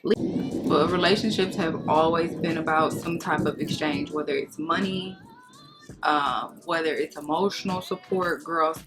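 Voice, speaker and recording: A woman's voice: low voice, fairly even intonation, moderate pace, over music. A woman beauty vlogger chatting casually while getting ready, outspoken and sassy with emphatic remarks. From United States. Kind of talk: casual get-ready-with-me chat.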